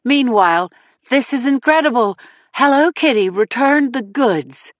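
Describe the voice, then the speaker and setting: A woman reading the part of an eager female crime reporter who talks quickly and excitedly. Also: fairly high pitch, no room sound, dull audio, voice pushed up.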